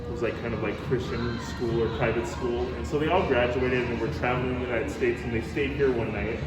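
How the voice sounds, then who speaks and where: A man's voice: medium pitch, fairly quick, reverberant, loud music behind the voice, rough recording. A man, a hotel manager, telling a ghost story in casual chat, acting out what people said and saying bro and dude. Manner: animated, acts out quotes, says bro and dude.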